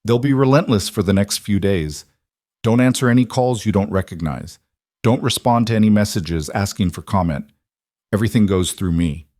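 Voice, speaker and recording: A man voicing a blunt, seasoned woman lawyer who lays out warnings in a brisk, firm way in an audio story. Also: fairly low pitch, dark tone, dry recording, studio quality, natural voice.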